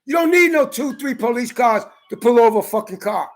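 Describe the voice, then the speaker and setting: A man tells a story in an angry, profane rant. He talks heatedly and breaks into shouts. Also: extremely high pitch, animated, a little fast. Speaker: ranting commentator.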